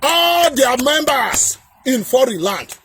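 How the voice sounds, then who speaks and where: A man with a Nigerian accent delivering a heated political rant to camera, repeating himself and often shouting. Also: very high-pitched, sing-song, slow pace, a little hiss or hum. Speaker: political commentator.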